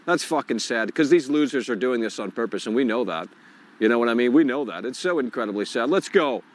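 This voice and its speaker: A man's voice: mid-range voice, animated, a little fast. A man hosting a live call-in stream outdoors, swearing and muttering in frustration as he fixes his tech. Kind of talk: live-stream rant while fixing tech.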